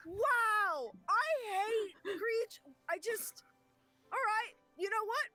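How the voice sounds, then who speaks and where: A woman with a very high voice speaks as her character at a gaming table. She protests with mock indignation and breaks into laughter between lines. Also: takes it slowly, pushed and bright, dry recording. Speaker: player. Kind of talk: in-character tabletop role-play.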